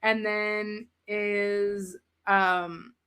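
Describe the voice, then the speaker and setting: A woman's voice: medium pitch, flat delivery, extremely slow, sharp tone, clean tone. A woman player at a tabletop game, rambling through her turn with lots of filler words and giggles. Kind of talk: casual tabletop game play.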